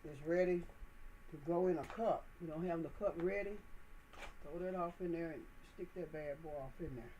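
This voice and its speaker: A woman's voice: lowish voice, moderate pace, warm tone, muffled recording, a little hiss or hum. Chatty folksy woman gardening host. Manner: folksy, chatty, encouraging, addresses viewers as y'all. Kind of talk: casual how-to demonstration. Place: indoors, potting plants.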